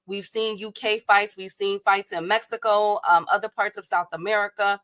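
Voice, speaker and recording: A woman from Chicago hosts a casual boxing livestream, talking with the chat. Her voice is bright and sharp, recorded dry and close. She is chatty, laughs often and leans on fillers. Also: medium pitch, steady tone, normal speed, dry recording.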